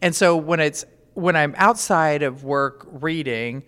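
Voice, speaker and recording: A woman's voice: low voice, a little slow, fairly bright tone. A middle-aged woman, a veterinarian, answering interview questions in a plainspoken, practical, matter-of-fact way. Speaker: veterinarian guest. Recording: long reverb.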